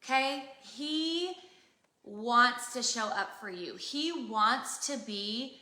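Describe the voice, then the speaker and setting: Speaking slowly with a sharp tone, this woman has a fairly high voice and lively intonation. She's in her thirties, co-hosting a casual live faith chat and preaching earnestly and emphatically, with roomy echo around her.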